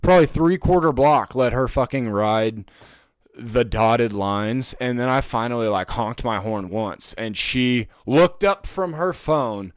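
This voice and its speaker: Young guy ranting on his podcast, cussing a lot, smooth clear voice, dry close mic. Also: mid-range voice, normal speed, dry recording. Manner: ranting, profane, animated storytelling. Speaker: podcast host. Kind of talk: casual chat.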